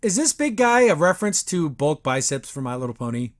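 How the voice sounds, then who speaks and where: A man's voice: fairly high pitch, very animated, brisk. Rambling sarcastic man recapping a cartoon. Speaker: podcast host reviewing a cartoon. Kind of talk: casual episode recap.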